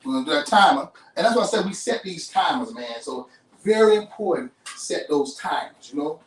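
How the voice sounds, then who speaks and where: A man's voice: fairly high pitch, expressive, fairly quick, far from the mic. A man hosting a live cooking show, talking folksy and chatty straight to his viewers. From Chicago. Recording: roomy kitchen, off-mic.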